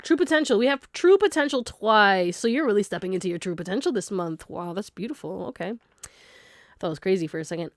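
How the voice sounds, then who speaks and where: A woman's voice: medium pitch, dry recording, studio quality. A woman giving a casual tarot card reading, chatty and laughing often as she talks straight to her viewers. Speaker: tarot reader.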